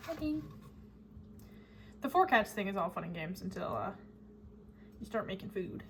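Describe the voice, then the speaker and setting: Young woman vlogger, chatty and self-mocking, mid-pitch, noisy home kitchen. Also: big pitch swings, normal speed. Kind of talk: casual chat. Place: home kitchen while cooking.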